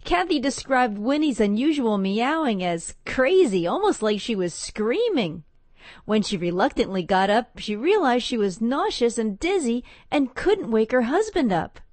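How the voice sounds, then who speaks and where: A woman reporter reading a scripted radio story in a clear, measured way. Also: on the high side, very animated, a little mellow, dry recording. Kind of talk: scripted news segment.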